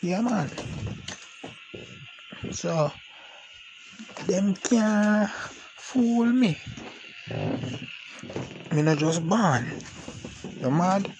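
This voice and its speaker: A man's voice: high-pitched, lively intonation, drawn-out words, pauses often, background noise. A man talking casually to the camera, rambling and boastful with a lot of slang. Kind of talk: casual monologue.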